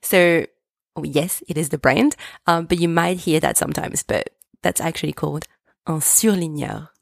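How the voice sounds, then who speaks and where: A woman's voice: sits low, gravelly, dry recording, clean studio sound. A woman hosting a language podcast, carefully pronouncing vocabulary words for listeners to repeat. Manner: slow, careful enunciation of words. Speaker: French teacher, podcast host. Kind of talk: language lesson with repeat-after-me drills.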